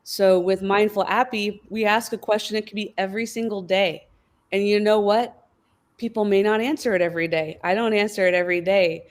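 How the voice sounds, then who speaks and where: A woman speaking as a guest on a workplace wellbeing panel, thoughtful and lively, now and then acting out what people think. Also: medium pitch, fairly quick. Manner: thoughtful, lively, acts out quoted inner voices. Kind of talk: panel discussion.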